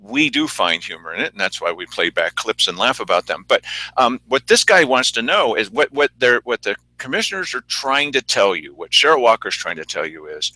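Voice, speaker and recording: A man's voice: medium pitch, very animated, fairly quick, pushed and bright, no echo, low-quality recording. A man co-hosting a local news show, commenting sarcastically on clips in casual talk and laughing often.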